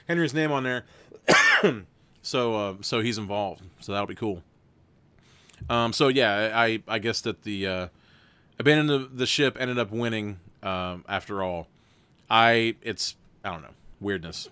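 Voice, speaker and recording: A man's voice: lowish voice, a little slow, pushed and bright, smooth, dry recording. A man hosting a live stream, narrating a gamebook and breaking off into rambling, chatty asides with frequent restarts.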